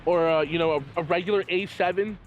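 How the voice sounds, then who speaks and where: Eager high-voiced man talking photography. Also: steady tone, fast, dull audio, a little hiss or hum. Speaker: photographer friend. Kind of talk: casual chat.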